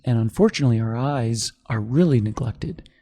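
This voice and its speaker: A middle-aged man, a company founder, telling his story in a podcast interview, animated and quick to act out what others said. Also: mid-range voice. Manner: animated storyteller, acts out quoted voices.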